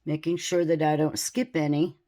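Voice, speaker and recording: A woman giving a calm, methodical beading tutorial, counting beads aloud as she works step by step. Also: sits low, moderate pace. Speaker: beading instructor.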